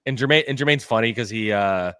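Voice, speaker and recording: Low-voiced man rambling about football. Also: fast, pushed and bright, clean tone, dry recording, clean studio sound. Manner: rambling, lots of "like" and restarts. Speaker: beat reporter and podcast co-host. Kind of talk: casual sports podcast talk.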